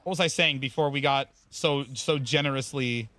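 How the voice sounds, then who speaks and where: Bright-voiced rambling game streamer man. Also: mid-range voice, normal speed. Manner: rambling, chatty, thanks viewers by name; casual swearing. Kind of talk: casual live-stream chat.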